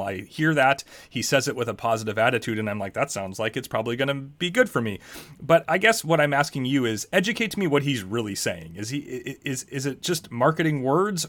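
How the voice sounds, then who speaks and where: Man, podcast co-host, medical professional, middle pitch, animated, conversational, casual chat. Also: no room sound. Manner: animated, conversational, self-correcting.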